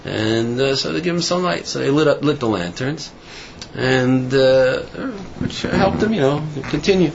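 A man delivers an informal sermon, telling a parable in a halting way full of fillers and restarts, and he raises his pitch when he acts out the characters. His voice has a gravelly edge. The recording is dull and lo-fi, with a faint hum of noise behind him. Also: lively intonation. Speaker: rabbi giving a talk.

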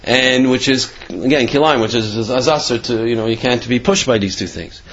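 A man's voice: medium pitch, fairly quick, fairly bright tone. A man casually telling religious stories, rambling with many fillers and restarts. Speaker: Torah storyteller. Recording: dull lo-fi recording.

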